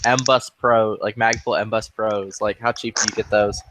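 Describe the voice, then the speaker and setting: Bright, profane storytelling man. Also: on the low side, steady tone, unhurried, slight background noise. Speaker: gamer in voice chat. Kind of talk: casual chat.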